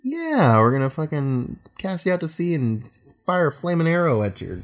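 Laughing, animated male podcast co-host. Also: on the high side, normal speed. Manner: laughs often, swears, animated storytelling. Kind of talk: casual chat.

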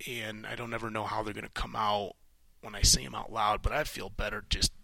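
Gravelly rambling middle-aged man. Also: lowish voice, little pitch movement, bright, forceful tone, no room sound, rough recording. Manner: rambling, halting, many restarts, swears casually. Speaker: podcast host. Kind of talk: solo reflective monologue.

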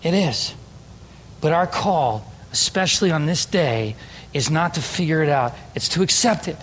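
Guy pastor giving an emphatic storytelling sermon, highish voice, long church reverb. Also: expressive, normal speed, fairly bright tone, a little hiss or hum.

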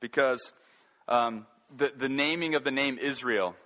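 A man preaching a sermon, earnest and halting, often restarting his sentences. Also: medium pitch, pushed and bright. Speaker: pastor.

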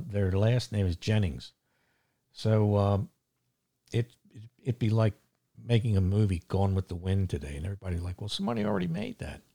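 Guy ranting on his own podcast, gruff and fed up, lots of uhs and ums, ordinary middle pitch. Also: a little mellow. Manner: gruff, indignant storytelling with many fillers. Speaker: podcast host. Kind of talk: casual monologue. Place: seaside town home.

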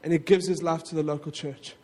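A man preaching a sermon in a conversational way, with frequent asides to the congregation and quick self-corrections. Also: a little high, steady tone, a little mellow, in a large hall. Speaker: pastor.

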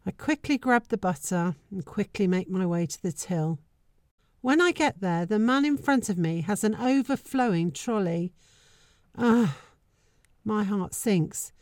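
A woman's voice: mid-range voice, animated, moderate pace, a little mellow, no echo. An older woman narrates a scripted podcast story, her humour wry and self-mocking. Her voice sits in a middle register. The recording is close and dry. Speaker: podcast host.

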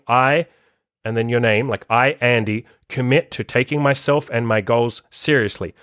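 A man's voice: mid-range voice, no room sound, studio quality. A man hosting a solo motivational podcast as a life coach, talking bluntly and emphatically and swearing freely.

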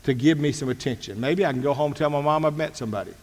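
A nervous single man in his thirties works up his courage, as a male speaker quotes him. The voice drops lower and quieter, like muttered thoughts. A long hall reverb hangs behind it. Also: rapid-fire, natural voice.

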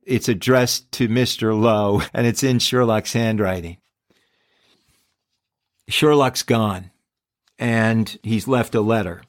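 A man's voice: on the low side, fairly even intonation, takes it slowly, pauses often, no echo. Man casually retelling a story. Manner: conversational, with frequent restarts and fillers. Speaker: podcast host.

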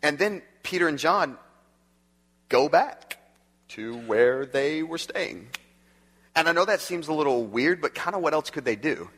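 A male pastor giving a conversational, animated sermon, laughing often and reading scripture aloud. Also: on the high side, measured pace, in a large hall.

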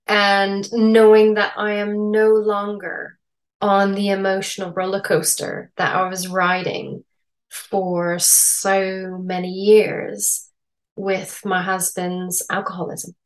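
A middle-aged woman with a Canadian accent, a podcast guest telling her story in a reflective, measured way over a remote call. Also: medium pitch, flat delivery. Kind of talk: interview storytelling.

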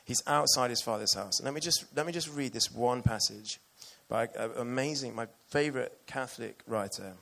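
A man's voice: medium pitch, normal speed, vocal fry, hardly any pauses, pushed and bright. A man preaching a sermon earnestly and with emotion, reading passages aloud to his church.

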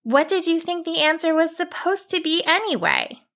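A woman's voice: very high voice, lively intonation, normal speed, a bit bright, pitched above the performer's own voice, exaggerated voice. A woman voicing a friendly young girl with a matter-of-fact manner. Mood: calm.

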